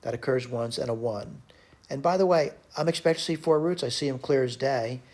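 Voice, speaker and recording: A man teaching a recorded math lecture, working through a problem out loud and correcting his own slips as he goes. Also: mid-range voice, fairly quick. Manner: talks to himself while working problems, frequent self-corrections.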